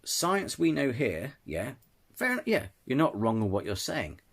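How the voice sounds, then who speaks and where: A man's voice: mid-range voice, huge pitch swings, measured pace, noisy background. A man ranting in a casual opinion video, stumbling over words, restarting sentences and apologizing often. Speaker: channel host. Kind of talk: casual opinion rant to camera.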